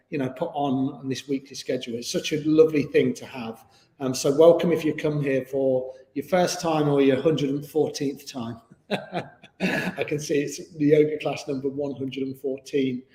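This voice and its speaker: A man's voice: on the high side, warm tone. Easygoing male yoga teacher, echoey room. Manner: easygoing, chatty, many fillers. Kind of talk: live online yoga class. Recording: echoey room with long reverb.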